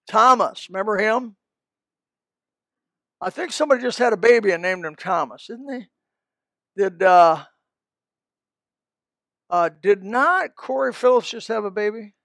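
High-voiced folksy preacher man. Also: a little slow, long pauses, a bit bright, no echo. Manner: folksy, rambling, with asides and restarts. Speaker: pastor. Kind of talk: sermon.

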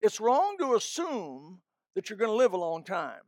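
A man's voice: high voice, sing-song, moderate pace, no echo, clean studio sound. An older man preaching a folksy, emphatic sermon, breaking into snatches of hymns.

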